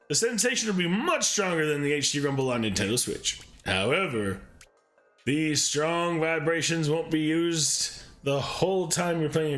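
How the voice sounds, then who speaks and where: A streamer hosting a live game playthrough reads the on-screen text aloud in a high-ish, fairly bright voice, breaking in with joking asides to himself.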